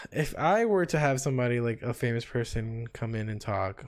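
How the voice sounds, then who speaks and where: Young male co-host, mid pitch, relaxed rambling chat. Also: moderate pace. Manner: easygoing, rambling, laughs a lot. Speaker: podcast co-host. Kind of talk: casual chat.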